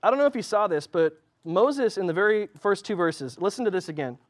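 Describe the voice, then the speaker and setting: A man's voice: sits high, expressive, fairly quick. A male pastor giving a casual, conversational sermon, full of ums and likes. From Southern California. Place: church.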